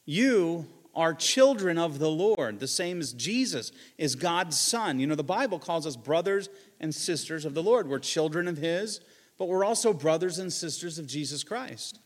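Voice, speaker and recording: A man preaching a sermon, shifting between loud emphatic lines and quiet asides. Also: on the high side, animated, normal speed, long reverb tail. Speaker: pastor.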